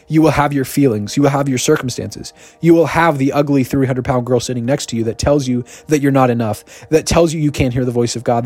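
Man preaching over faint music. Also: mid-range voice. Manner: energetic, joking, swings between rapid asides and slow emphatic repetition. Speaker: podcast preacher. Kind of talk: casual sermon.

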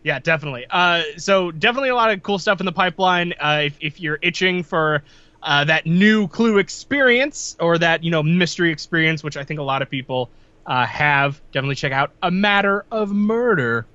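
A man's voice: fairly high pitch, lively intonation, fairly quick, bright, forceful tone, no echo, lo-fi sound. A man co-hosting a podcast in casual chat, playful and fond of slipping into mock voices. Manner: playful, slips into mock-posh and announcer voices. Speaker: podcast co-host.

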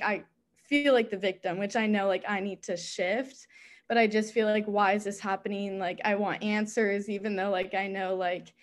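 A young woman, a student guest on a podcast, talking hesitantly with many fillers. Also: mid-range voice. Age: young adult. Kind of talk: casual chat.

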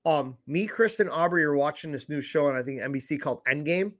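A man's voice: on the high side, a little fast. A man co-hosting a casual talk show, blunt and swearing freely as he chats. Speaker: podcast co-host. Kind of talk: casual profane banter.

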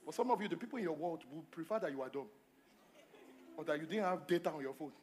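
High-voiced man preaching emphatically. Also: lively intonation, fast talker. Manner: emphatic, swings between loud exhortation and quiet asides; repeats phrases and asks the congregation questions. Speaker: pastor. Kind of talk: sermon. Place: church service.

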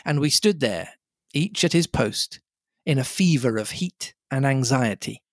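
A man from the UK, reading an adventure novel aloud in a measured storytelling way. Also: medium pitch, lively intonation, no echo, clean studio sound. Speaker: reader and podcast host.

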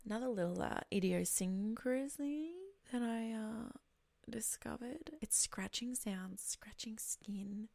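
A woman's voice: on the high side, slow, vocal fry, darkish tone. A young woman hosting a casual solo podcast, chatty and candid, swearing freely and often dropping into whispered asides. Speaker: podcast host.

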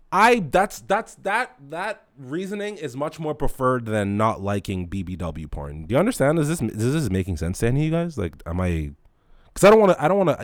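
A young man rants on his podcast with a foul mouth and big swings in his voice. His pitch jumps all over, and the sound is dry and close, with no room around it. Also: dry recording. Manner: animated, profane, swings loud to mumbling. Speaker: podcast host. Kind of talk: casual comedic rant.

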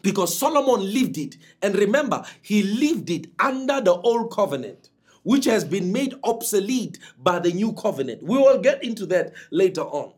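A man preaching a sermon to a congregation with emphatic delivery and dramatic swings in pitch. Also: big pitch swings, moderate pace, darkish tone, husky.

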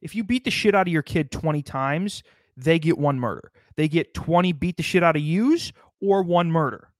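A man's voice: a little high, normal speed, dry recording. Sardonic, foul-mouthed rambling man. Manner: rambling, sardonic, swears constantly. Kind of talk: profane comedic monologue.

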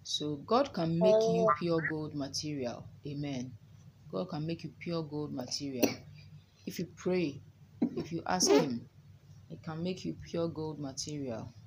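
Woman prayer leader, low and unhurried, reverent amens, noisy background. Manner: slow, reverent, with frequent amens and hallelujahs. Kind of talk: informal sermon and Bible reading.

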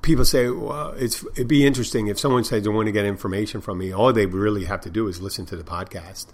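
A man's voice: fairly low pitch, steady tone, fast talker. Rambling, profane man telling bar stories. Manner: rambling, profane, with many restarts. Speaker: bartender and podcast host. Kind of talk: casual storytelling monologue.

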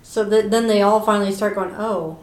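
A middle-aged woman with an ordinary mid-pitched voice, calmly walking through a movie's plot and pulling the chat back whenever it drifts. Her voice carries an echo from the room around her. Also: quick pace. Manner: steady storyteller, keeps steering back on track. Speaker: podcast co-host, mother. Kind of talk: casual chat recapping a film.

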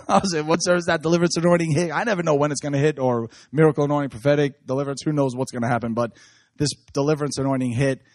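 Male preacher, fairly high voice, dry close sound, animated storytelling with laughs. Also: fast talker, no echo. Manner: excited, laughing while telling stories.

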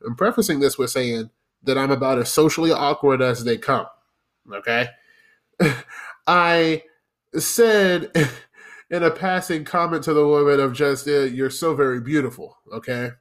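A man's voice: medium pitch, a bit bright. A man hosting a podcast, telling rambling, profane, self-deprecating stories in a casual monologue. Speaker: podcast host.

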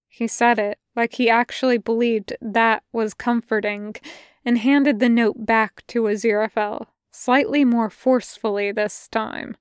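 A woman narrating a fan fiction audiobook in a measured, intimate way, close to the mic. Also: a little high, steady tone, smooth, no room sound. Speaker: podfic reader.

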